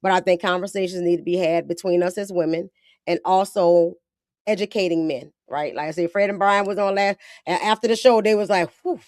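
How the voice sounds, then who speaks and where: A woman's voice: fairly low pitch, steady tone, fairly quick, darkish tone, dry recording, clean studio sound. Blunt, slangy woman podcast host. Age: adult with a daughter. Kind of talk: casual podcast chat.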